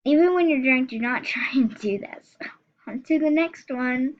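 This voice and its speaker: A high-voiced teenage girl chatters loosely to her viewers, stumbling through restarts and fillers as she goes. The sound is a little dull and lo-fi, as if from a built-in mic. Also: normal speed. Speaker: YouTuber. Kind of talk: casual reaction vlog, reading texts aloud. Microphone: screen recorder, built-in mic.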